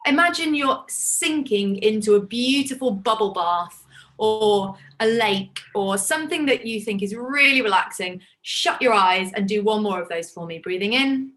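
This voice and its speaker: A woman leading an online choir warm-up over a video call, encouraging the singers and demonstrating each sigh and call herself. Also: medium pitch. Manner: encouraging, demonstrates vocal calls and sighs. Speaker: choir leader.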